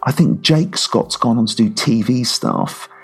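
A man reviewing films in a casual podcast chat, rambling and jokey, his voice going hoarse. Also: mid-range voice, animated, a little slow, faint music behind. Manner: rambling and jokey, talking like a pirate cockney. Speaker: film reviewer.

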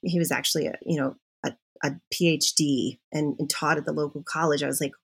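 Husky-voiced middle-aged woman, low pitch. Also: brisk. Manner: animated and confessional, with self-interruptions. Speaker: podcast guest. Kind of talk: candid personal storytelling.

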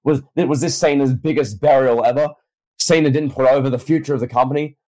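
A man's voice: mid-range voice, fairly even intonation, brisk, darkish tone, poor audio. A man co-hosting a casual wrestling discussion, posing rhetorical questions and talking things through conversationally. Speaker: podcast co-host.

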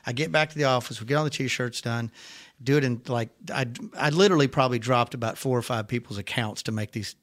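A man tells a story as a podcast guest, chatty and animated, breaking into laughter often. His voice sits at an ordinary middle pitch. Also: fast talker. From Arkansas. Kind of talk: casual storytelling.

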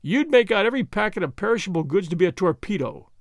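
A man reading aloud and voicing a shrewd, unflappable English gentleman who teases his nervous old school friend in a jovial, easygoing way. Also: sits high, sing-song, quick pace, no room sound, clean studio sound. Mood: amused. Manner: jovial and teasing.

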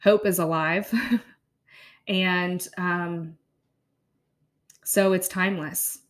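A woman, a podcast host in her thirties, chatting casually with soft laughs and reading her own blog aloud. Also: fairly low pitch, steady tone, very slow.

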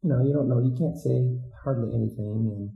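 A man who served as a volunteer teacher, telling stories in a relaxed, rambling way with many fillers and restarts. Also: medium pitch, a little fast, vocal fry, phone-quality sound, faint music behind. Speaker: former Peace Corps volunteer teacher. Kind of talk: casual storytelling interview. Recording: roomy echo.

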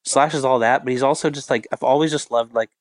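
A man in his forties, a touring band guitarist, telling stories in a relaxed, rambling interview with lots of filler words. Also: mid-range voice, quick pace, no room sound. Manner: rambling, laid-back, full of filler words. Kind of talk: casual interview storytelling.

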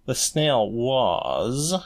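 A man's voice: mid-range voice, very animated, very slow. A man co-hosting a podcast in casual, playful chat with frequent restarts. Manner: chatty, playful, with self-correcting restarts. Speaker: podcast co-host.

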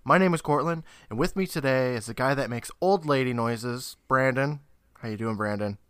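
A man's voice: mid-range voice, moderate pace, a bit bright, clean tone. Giggly man hosting a podcast. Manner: giggly, laughs often. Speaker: podcast host. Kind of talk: casual podcast chat. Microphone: home mic on a Skype call.

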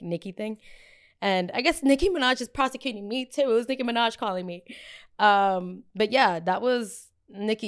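A woman hosting a show, chatting casually about pop culture in a blunt, gossipy and profane way, often going off on tangents. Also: medium pitch. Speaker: host.

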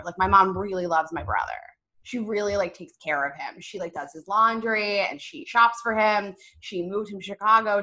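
Bright-voiced frank woman in her thirties. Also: mid-range voice. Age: 30s. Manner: blunt, frank and deadpan about sex. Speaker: podcast guest. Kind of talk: casual comedic chat.

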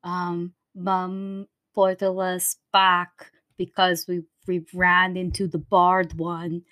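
A woman playing in a tabletop game in casual chat, excitable and quick to swear. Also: on the low side, dry recording. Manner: excitable, swears, bursts into squeals. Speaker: player.

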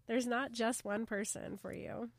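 A woman's voice: a little high, steady tone, unhurried, no echo. A woman co-hosting a casual chat, gushing and emotional about the story. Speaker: podcast co-host.

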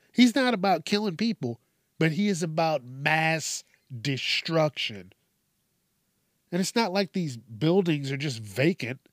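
A man hosts a podcast solo, rambling through a casual monologue that is profane and self-mocking. His voice is fairly high, and the sound is clean studio audio with no echo.

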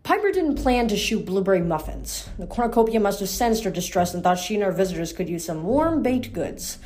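A woman's voice: mid-range voice, sing-song, a little fast, a little mellow. A woman casually reading a novel aloud in a chatty, informal way, sometimes stumbling over words. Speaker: book reader.

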